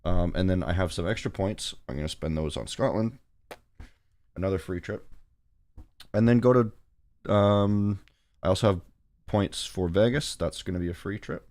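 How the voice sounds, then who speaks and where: A man's voice: sits low, moderate pace, long pauses, a little mellow. A man hosting a trading livestream, chatting loosely and joking, with simple chopped phrases. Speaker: livestream host and forex trader. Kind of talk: casual livestream chat.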